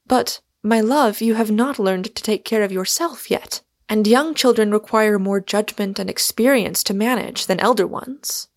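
A woman reading aloud, voicing a gentle, sensible middle-aged mother with a slow, soothing manner. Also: medium pitch, close to an everyday voice.

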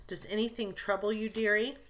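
A woman reading the lines of a spirited young woman who scolds briskly and comforts her sister tenderly, in an audiobook. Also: fairly low pitch, fairly bright tone, close to an everyday voice.

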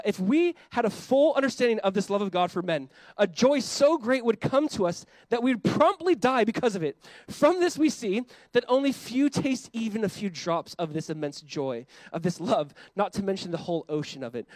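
A young adult man preaching a sermon as pastor, impassioned and often voicing God in quick quoted asides. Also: sits high, lively intonation, a little mellow, no echo.

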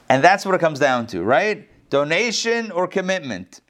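A man's voice: a little high, very animated, moderate pace, hardly any pauses, fairly bright tone. A middle-aged man giving a conversational Torah lesson. He jokes often, repeats words as he goes, and adds chatty asides. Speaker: rabbi teaching Torah class.

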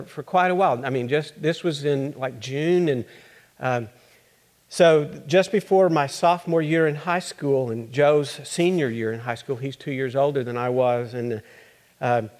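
A man playing an earnest teenage girl basketball player in a first-person monologue, halting and repeating words as she remembers. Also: mid-range voice, lightly acted.

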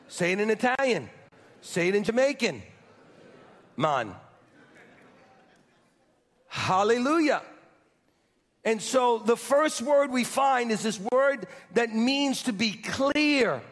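A pastor delivering a sermon in a very high voice for a man, leading the crowd in call-and-response and repeating his lines for emphasis. The sound rings with long reverb, as in a large church hall. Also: a bit bright.

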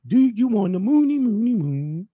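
Guy doing a bubbly swedish girl voice, mock accent, high and singsongy, dry sound. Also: sing-song, moderate pace, no room sound, narrow, tinny audio. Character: sweet sing-song young Swedish woman.

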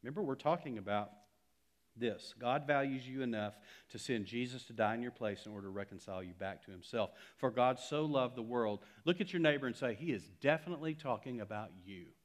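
A middle-aged male pastor preaching a sermon, swinging from loud emphatic lines to hushed near-whispers and acting out quoted conversations. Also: mid-range voice, fast talker. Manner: animated, acts out quoted conversations.

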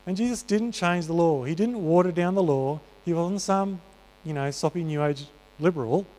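Preaching at a moderate pace, a man with a slightly high, darkish voice addresses a reverberant church hall. He is earnest and conversational, with many fillers along the way.

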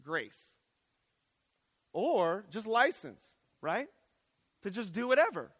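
Guy preaching chapel sermon, high voice, goes from shouting to hushed, kinda casual. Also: sing-song, slow, breathy edge. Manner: conversational preaching, swings between shouting and hushed. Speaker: chapel speaker. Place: college chapel. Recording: reverberant chapel.

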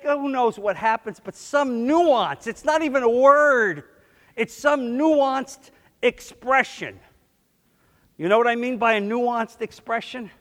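A man preaching a sermon as pastor, emphatic, swinging between loud bursts and quiet asides. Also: very high-pitched. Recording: long hall reverb.

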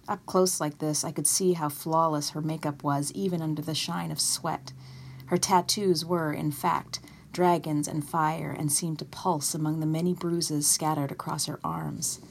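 A woman author reading aloud from her own novel in a measured storytelling way. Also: sits low, fairly even intonation, a little hiss or hum.

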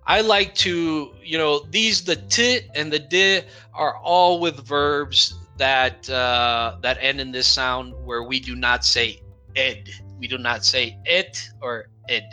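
Slow, bright-voiced male English teacher. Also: mid-range voice, faint music behind. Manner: slow, patient, repeats example words. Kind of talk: explaining pronunciation.

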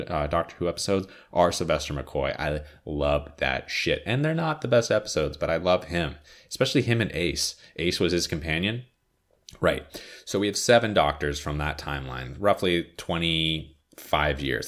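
A man with an extremely deep, low voice rambles casually about his favorite TV shows. He sounds tired and a little sniffly, piling on filler words and swearing freely as he goes off on tangents. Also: a bit bright. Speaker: podcaster reviewing TV shows.

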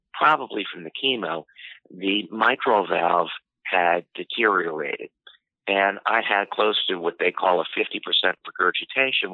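A man telling a personal story in an interview, unhurried and full of "you know" fillers. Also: deep voice, creaky, no echo. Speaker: interview guest. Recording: tinny phone-line audio, dry.

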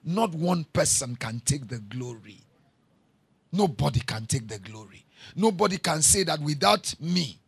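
A man preaching a sermon, repeating his lines, moving from quiet storytelling to shouting. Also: a little high, creaky, husky, dry recording. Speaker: pastor.

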